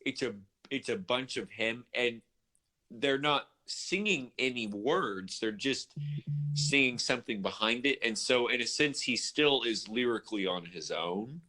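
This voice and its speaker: Male podcast co-host, bright forceful tone, rambling and loose. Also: medium pitch, unhurried. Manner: rambling, many fillers like "you know". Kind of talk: casual music discussion.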